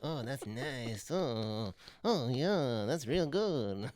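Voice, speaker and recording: A man putting on the voice of a leering man moaning at a party, soft and breathy. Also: mid-range voice, lively intonation, very slow, no echo, studio quality.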